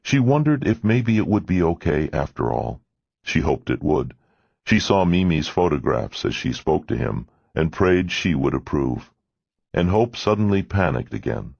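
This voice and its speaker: A man narrating an audiobook in a measured, expressive reading. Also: low voice, vocal fry, slightly rough, no room sound. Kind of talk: scripted narration. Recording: dull lo-fi dry recording.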